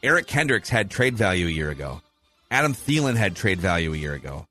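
A man's voice: deep voice, sing-song, fairly quick, bright, forceful tone, soft background music. A man hosting a casual sports talk show, laying out poll results and asking his co-host for views. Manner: analytical, runs polls and asks questions. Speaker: podcast host.

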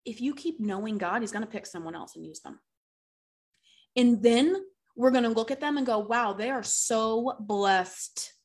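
Brief: woman preacher in her thirties, sermon delivery, fairly high voice, acts out quoted excuses. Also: normal speed, pauses often, a little mellow.

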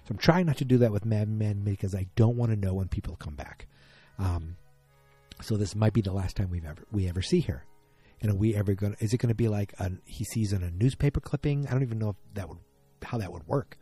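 Man, casual rambling TV recapper, low and very mellow voice. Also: fast talker, husky, faint music behind. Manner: rambling, thinks aloud, often restarts mid-sentence. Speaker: TV episode recapper.

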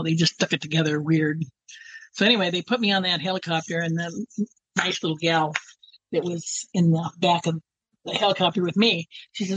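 Husky woman telling a rambling story. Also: lowish voice, fairly bright tone, dry recording, highs cut off. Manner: rambling, many fillers and restarts. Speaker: interviewee. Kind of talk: personal storytelling.

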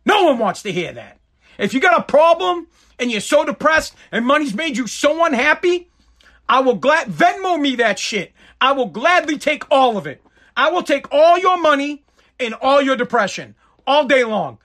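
A man's voice: very high voice, moderate pace. A man delivering a heated, profane comedic rant as a show host. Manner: profane, heated, animated ranting.

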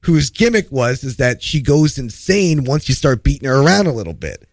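A man's voice: medium pitch, big pitch swings, moderate pace, no room sound. A man, an improv comedian, telling a rambling story in casual chat on a talk show.

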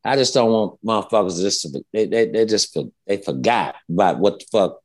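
In a casual interview, a former basketball player in his fifties tells a heated story as a guest, cursing freely and repeating himself. His voice is on the low side with lively intonation, and he speaks at a moderate pace.

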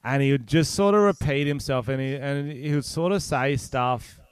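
A man's voice: medium pitch, normal speed, smooth. A man hosting a casual podcast, telling laid-back stories and laughing often, from Australia. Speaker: podcast host. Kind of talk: casual chat.

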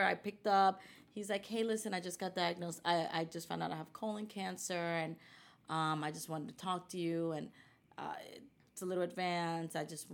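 A woman telling a personal story in casual conversation, animatedly quoting the people involved. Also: on the low side. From United States. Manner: animated, quotes people in her stories. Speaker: guest.

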